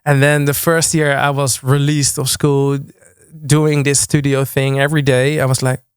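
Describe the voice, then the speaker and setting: Young man, smooth voice. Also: mid-range voice, flat delivery, moderate pace, no room sound, studio quality. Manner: hesitant, many restarts and fillers. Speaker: guest music producer. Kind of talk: casual interview chat.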